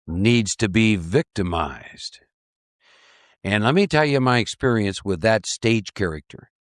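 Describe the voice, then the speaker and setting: Man running a recovery workshop, lively and repetitive, mid-pitched voice, dry sound. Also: no echo. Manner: animated, repetitive, laughing often. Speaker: speaker leading a recovery workshop. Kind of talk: live workshop talk.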